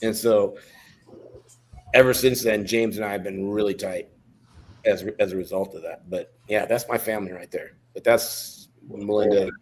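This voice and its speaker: A middle-aged man, a podcast guest, telling stories in a lively, joking way with many restarts. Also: fairly low pitch, normal speed. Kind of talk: casual storytelling.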